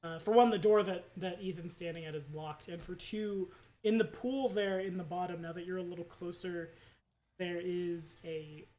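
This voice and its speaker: A man running a tabletop game as game master, talking casually with halting descriptions and frequent laughs. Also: high-pitched, steady tone, mellow.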